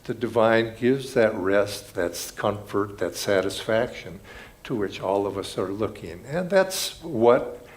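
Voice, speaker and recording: A man's voice: lowish voice, lively intonation, slow. A man giving an earnest, reflective spiritual talk at a ceremony, telling stories as he goes. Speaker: spiritual speaker.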